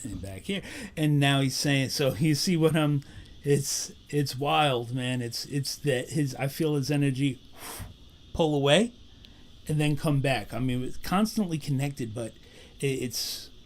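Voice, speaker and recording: Man, psychic medium, live-stream reading, earnest, repetitive, mid-pitched voice. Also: measured pace. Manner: earnest, repetitive, animated bursts when relaying messages.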